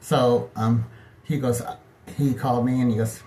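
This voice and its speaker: A middle-aged man telling personal stories in a casual, gossipy monologue, lively and animated as he acts out what people said. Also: medium pitch, measured pace, a little hiss or hum. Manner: chatty, gossipy, animated, acting out other people's lines. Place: home bathtub.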